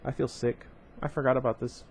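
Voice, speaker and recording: A man's voice: mid-range voice, little pitch movement, a little fast, vocal fry, darkish tone, slight background noise. A man casually reading a novel aloud at home, breaking off often for rambling side comments full of fillers. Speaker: reader of a book series.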